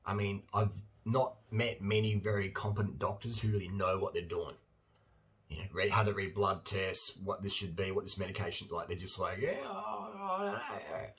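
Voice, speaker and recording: A man's voice: low voice, moderate pace. A man, talking in a casual, blunt monologue and acting out silly voices with bursts of laughter. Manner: animated, acts out silly voices and laughs often; blunt and opinionated. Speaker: vlogger.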